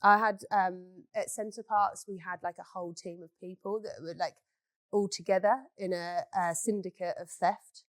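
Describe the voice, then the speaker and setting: A woman's voice: fairly low pitch, steady tone, normal speed, no room sound. A woman, a beauty business owner, telling stories in a candid chat and swearing freely. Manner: blunt, swears freely, storytelling.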